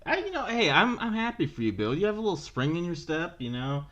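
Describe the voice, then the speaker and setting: A man's voice: high voice, wildly swooping pitch, fast, a bit bright, muffled recording. A man co-hosting a comedy podcast, hesitant and mock-earnest, often checking "okay?". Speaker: podcast co-host.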